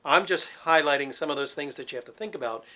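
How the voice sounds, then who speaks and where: Male voice teacher, middle-aged, bright ringing tone, slightly high voice, demonstrative and explanatory. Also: fast. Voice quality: resonant, focused head voice. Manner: demonstrative, explains with sung examples. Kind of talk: vocal technique lesson.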